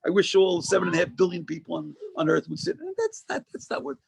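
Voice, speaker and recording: A man's voice: high-pitched, wildly swooping pitch, fast talker, creaky, husky, no echo, low-quality recording. A man giving an informal, conversational Torah lecture as a rabbi, discursive and often restarting phrases for emphasis. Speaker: rabbi teaching a class.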